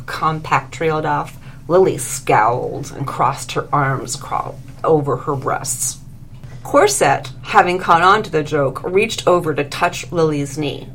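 A woman narrating a story aloud, expressive and animated, putting on voices for the characters. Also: sits low, a little slow, a little hiss or hum.

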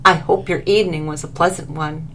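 A man's voice: on the high side, fairly even intonation, a little fast, a bit bright, slight background noise. Woman doing a pompous old-world vampire boss, formal and stiff, storybook read. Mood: courteous. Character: pompous grandiose male vampire master.

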